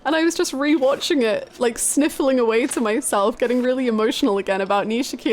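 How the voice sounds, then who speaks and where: A young British woman streaming a game and chatting with viewers, telling stories in an animated, laughing way. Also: a little high, fairly quick, a little hiss or hum. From United Kingdom. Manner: animated, laughing storytelling, reading chat aloud. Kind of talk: casual live-stream chat with viewers.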